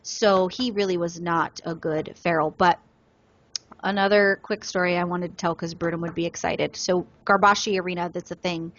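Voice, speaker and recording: A woman co-hosting a casual gaming podcast, telling stories with lively energy and acting out other players in quotes. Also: lowish voice, moderate pace, dry recording, dull audio. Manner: animated storyteller, acts out other players in quotes. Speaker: podcast co-host.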